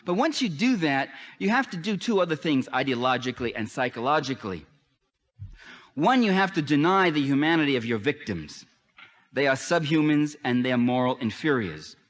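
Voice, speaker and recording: A man delivers a political lecture in an emphatic style, his mid-range voice swinging between high, pressing peaks and low, quiet stretches. The sound carries a long reverb tail from a lecture hall. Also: big pitch swings, normal speed. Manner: emphatic, with sweeping rises and drops in pitch.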